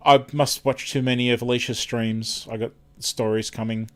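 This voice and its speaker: A man's voice: medium pitch, level tone, normal speed, clean tone. An Australian man hosting a live stream in casual chat, rambling and chatty, often losing his words and starting over.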